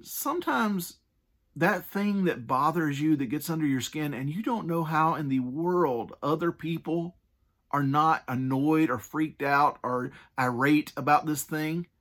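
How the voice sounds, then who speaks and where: A man preaching a sermon in a conversational, earnest way, stressing his points and adding casual asides. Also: on the high side.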